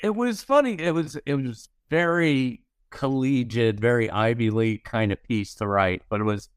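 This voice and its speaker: His mid-range voice has a clean tone and moves at a moderate pace as this comedy writer in his sixties tells wry stories during a podcast interview, acting out other people's lines. The recording is dry and clean, from a studio.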